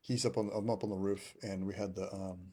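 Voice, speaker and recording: Fast-talking husky man telling war stories. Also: low voice. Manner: animated, laughing, acts out quotes. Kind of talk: casual storytelling chat.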